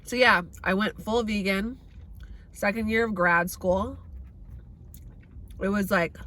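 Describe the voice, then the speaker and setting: Woman, thirties, from the Bay Area, casual vlog chat, blunt and expressive, mid-range voice. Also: mid-range voice, takes it slowly. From San Francisco Bay Area. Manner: candid and expressive, swears freely. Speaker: vegan vlogger.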